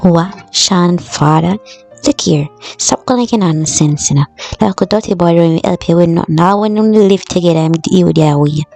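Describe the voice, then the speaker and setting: A woman's voice: lowish voice, moderate pace, vocal fry, a little mellow, faint music behind. A young woman with a Jamaican accent voicing a blunt, scornful sister in a cartoon, with a harsh, dismissive way of talking. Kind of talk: cartoon voice acting.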